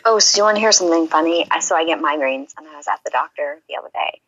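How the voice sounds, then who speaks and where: A chatty woman on a game stream's voice call, her voice bright but husky. She slips in and out of whispers while she tells stories. The call audio is dull and lo-fi. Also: deep voice, very fast, no echo. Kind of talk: casual chat on a voice call.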